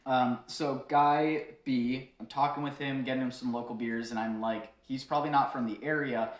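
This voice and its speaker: A man's voice: mid-range voice, fairly even intonation, moderate pace. A man casually telling a bartending story to his viewers, chatty, laughing often, with many fillers. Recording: roomy echo.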